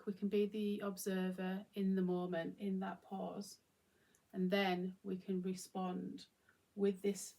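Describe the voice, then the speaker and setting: A woman's voice: mid-range voice, gravelly, a little mellow. A woman hosting her own channel, talking reflectively and informally to camera with plenty of fillers and restarts. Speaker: channel host. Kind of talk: reflective solo talk to camera.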